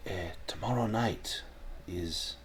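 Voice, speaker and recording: Deep quiet german-accented guy, a game master doing the voice, low and hushed, slow. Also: a little hiss or hum.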